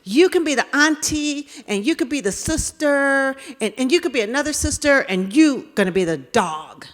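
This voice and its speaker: A woman's voice: sits high, lively intonation, moderate pace, voice pushed up. A woman voicing a bossy four-year-old girl who gives orders and whines when crossed. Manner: whiny, demanding. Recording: reverberant hall.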